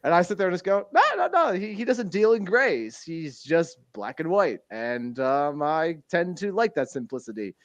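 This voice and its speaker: On the high side and animated, this man talks at normal speed with few pauses, and there's no room sound. As a casual podcast co-host he rambles, laughs often, and uses a put-on voice for quotes while recounting scenes.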